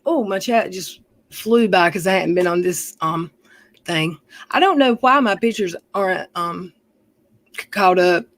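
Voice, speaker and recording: A woman's voice: fairly low pitch, unhurried, rough recording. A woman hosting a livestream, telling family stories in a rambling, chatty way and often correcting herself mid-sentence. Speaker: livestream host. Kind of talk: casual storytelling chat.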